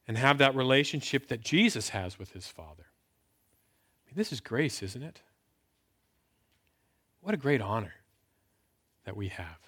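A man in his thirties giving a conversational sermon as a pastor, asking rhetorical questions and leaning hard on key words. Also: medium pitch. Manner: conversational preaching with rhetorical questions and emphatic rises. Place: indoors, filmed talk.

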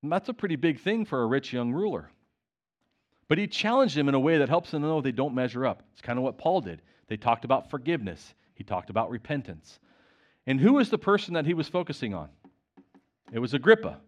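A man preaching a sermon, retelling conversations and reading scripture aloud in an animated way. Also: medium pitch, brisk.

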